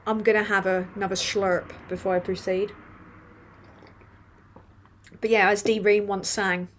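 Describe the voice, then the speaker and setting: A woman's voice: medium pitch, little pitch movement, fairly quick. A woman hosting a casual live stream, reading chat comments aloud with swearing and laughter. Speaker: livestream host reading chat.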